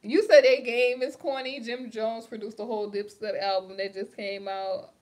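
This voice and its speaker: A woman's voice: fairly high pitch, steady tone, moderate pace, darkish tone. A young woman from New York with a New York accent, hosting a casual livestream and chatting with viewers, laughing often and talking in slang. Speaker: livestream host. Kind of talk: casual livestream chat reading comments.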